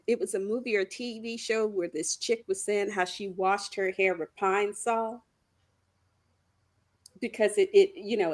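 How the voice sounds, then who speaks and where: A woman's voice: mid-range voice, a bit bright, dry recording. Chatty woman in her sixties. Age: 60s. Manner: chatty, self-mocking, laughs easily. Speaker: podcast co-host. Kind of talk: casual chat.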